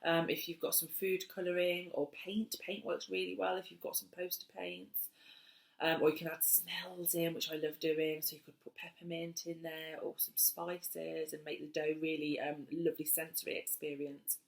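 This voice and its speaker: A woman's voice: low-pitched, level tone, normal speed, vocal fry. A woman, casually explaining play and speech tips to parents with plenty of fillers. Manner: chatty, many "um"s, sing-song when addressing children. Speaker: early years teacher. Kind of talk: casual teaching talk to parents. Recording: echoey room.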